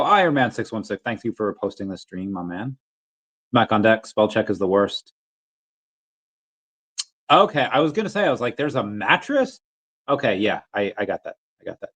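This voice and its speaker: Man chatting on a dull lo-fi stream. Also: lowish voice. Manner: reads headlines aloud and greets chat viewers, often restarts words. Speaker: livestream host. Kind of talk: casual livestream chat.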